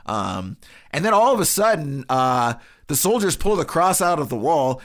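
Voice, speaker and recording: A man's voice: mid-range voice, fairly bright tone. A man co-hosting a podcast, chatting casually and recapping film scenes with frequent laughs. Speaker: podcast co-host. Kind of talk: casual chat.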